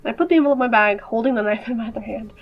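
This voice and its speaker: A woman's voice: fairly high pitch, racing, dull audio, soft background music. A woman hosting a gaming video, reading the game's text aloud and breaking off for chatty, joking asides. Her voice sounds slightly off, as if just over a cold. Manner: playful, chatty asides between read-out passages. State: voice slightly off after a recent cold.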